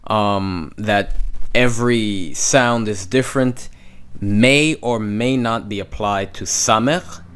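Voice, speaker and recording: A man teaching beginners, explaining letter sounds slowly and checking in with "okay?" after each one. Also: fairly low pitch, a bit bright, clean tone. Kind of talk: slow classroom explanation.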